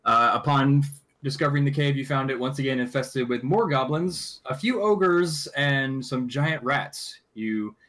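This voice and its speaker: A man narrating a tabletop game as game master, halting with frequent fillers and restarts. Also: mid-range voice, fairly bright tone. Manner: halting, many fillers and restarts while recapping.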